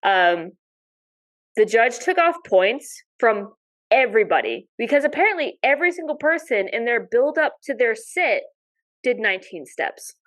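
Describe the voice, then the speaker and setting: A woman guest on a podcast, telling lively stories in casual chat with some mild swearing. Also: a little high, moderate pace, low-quality recording. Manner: animated storyteller, mild swearing. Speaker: podcast guest, dog sport competitor.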